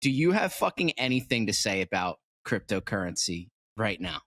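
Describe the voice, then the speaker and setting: A man's voice: on the low side, very animated, normal speed, a bit bright. A man hosting a casual podcast, joking and swearing freely as he banters with his co-hosts. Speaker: podcast host.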